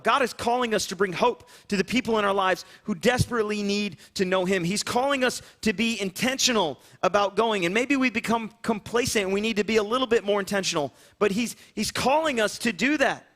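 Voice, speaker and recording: A man preaching from the pulpit in a high, bright, ringing voice. He speaks as a pastor, piling up phrases in an earnest, repetitive, pleading rhythm. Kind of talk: sermon. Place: church sanctuary, also streamed online.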